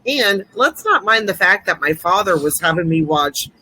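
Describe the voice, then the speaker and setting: A woman's voice: on the low side, very animated, moderate pace, bright, forceful tone, husky, poor audio. A woman in her thirties co-hosting a podcast, chatting casually, teasing and laughing easily. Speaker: podcast co-host. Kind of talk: casual chat.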